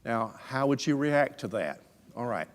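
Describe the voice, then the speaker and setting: A man's voice: medium pitch, animated, unhurried. A man preaching a sermon through stories, folksy, conversational and emphatic. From Alabama, USA. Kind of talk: storytelling sermon.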